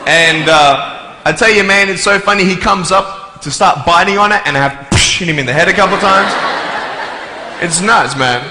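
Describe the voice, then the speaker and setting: A man's voice: high-pitched, normal speed, noisy background. A man giving a humorous live talk to an audience as a motivational speaker, joking playfully and acting out voices and sounds. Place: large hall before a live audience. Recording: echoey hall, long reverb, faint ambience.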